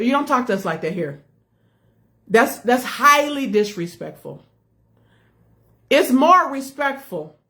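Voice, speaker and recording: A woman's voice: a little high, fairly bright tone. A woman who leads a ministry, giving an earnest personal testimony to her followers and repeating herself as she speaks to viewers directly. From United States. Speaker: ministry leader.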